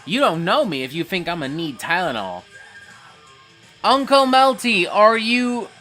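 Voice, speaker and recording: Tipsy male stream host, bright forceful voice, unhurried delivery, swears constantly, drops from mumbling to hype shouting. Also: sits high, very animated, soft background music. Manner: profane, swings from mumbling to hyped shouting. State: tipsy, getting drunker. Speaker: livestream host reading chat. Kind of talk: rowdy live-stream chat.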